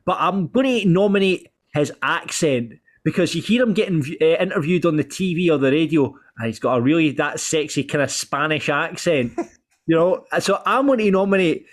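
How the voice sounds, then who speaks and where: A man's voice: fairly high pitch, expressive, moderate pace. Chatty man, podcast host. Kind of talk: casual chat.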